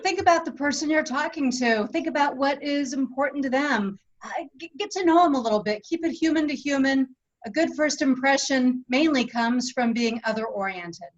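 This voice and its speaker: A woman sales expert giving calm, instructive advice on a panel over a video call. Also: sits high, normal speed, lo-fi sound.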